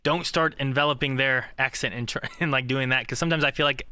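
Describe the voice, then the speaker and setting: A man's voice: mid-range voice, steady tone, fast talker, sharp tone, smooth, no echo. A man co-hosting a podcast in casual chat, rambling with many fillers and restarts. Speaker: podcast co-host.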